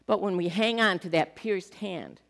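A woman preaching a sermon, animated and acting out quoted voices with sudden swings between loud and soft. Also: on the low side, moderate pace, creaky. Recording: hall reverb.

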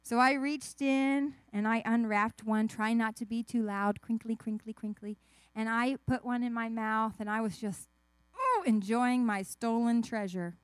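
A woman giving a children's sermon, telling a story with lively asides and questions to the kids. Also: on the high side, a little slow, clear, resonant tone, no room sound. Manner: animated, asks the kids questions, acts out voices. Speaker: children's message speaker.

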